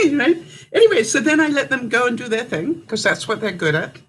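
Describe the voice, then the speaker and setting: A woman's voice: a little high, very animated, quick pace, a bit bright, slightly rough, poor audio. An older woman from Canada, telling a story to camera in a chatty way, laughing often and acting out what others said. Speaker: vlogger.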